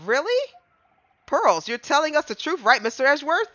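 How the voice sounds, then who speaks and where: A man voicing an earnest little girl from a courtroom game, reading her lines aloud in a high, breathy voice. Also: big pitch swings, normal speed, bright, forceful tone, dull audio, exaggerated voice.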